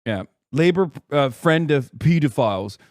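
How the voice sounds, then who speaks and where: A man's voice: a little high, unhurried, dry recording, studio quality. Sarcastic man doing stream commentary. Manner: animated, sarcastic, exasperated asides; reads quotes aloud in a put-on accent. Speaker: political commentator.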